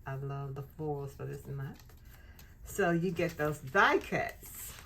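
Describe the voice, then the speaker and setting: A woman's voice: deep voice, slow, gravelly, a bit bright, slight background noise. A woman hosting a casual unboxing vlog, gushing over craft and faith supplies. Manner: gushing, effusive. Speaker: channel host.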